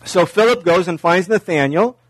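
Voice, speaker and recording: A male pastor preaching a sermon, telling stories animatedly and acting out dialogue, then slowing to quiet emphatic lines. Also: high-pitched, husky, no echo, rough recording. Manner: drops to slow, quiet emphasis.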